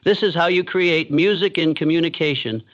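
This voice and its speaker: A man giving a scripted motivational narration in a measured, deliberate way with pauses. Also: on the high side, fairly bright tone. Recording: dull lo-fi sound.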